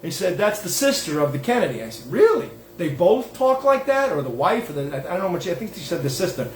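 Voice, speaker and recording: A man's voice: a little high, sing-song, fast talker, echoey room. A man hosting his own show, giving a digressive religious monologue in a folksy, self-interrupting way. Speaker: host.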